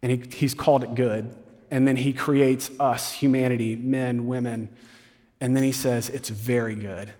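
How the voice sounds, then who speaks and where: Animated pastor preaching in a hall. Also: male voice, medium pitch. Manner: conversational, animated retelling with quick asides. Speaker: campus pastor. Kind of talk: sermon.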